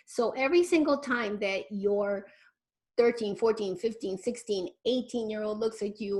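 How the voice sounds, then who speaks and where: A woman in her forties, a parenting educator, giving an online lecture in a lively, conversational way and addressing parents directly with rhetorical questions. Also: medium pitch. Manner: animated, speaks straight to parents with rhetorical questions; conversational, with fillers and restarts.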